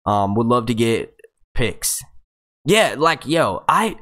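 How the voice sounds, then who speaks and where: A young man in his twenties chats loosely on a live stream, rambling and restarting his sentences as he answers questions. His voice sits at a middling pitch but swings up and down a lot. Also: slow. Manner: rambling, animated, with frequent restarts. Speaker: YouTube host answering live chat. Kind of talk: casual live-stream chat.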